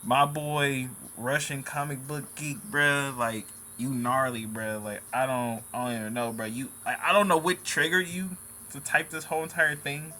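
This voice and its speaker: A man's voice: medium pitch, fairly even intonation, moderate pace, sharp tone, slight background noise. A man hosting a casual vlog, talking in loose slang and calling his viewers bro and dog. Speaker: channel host.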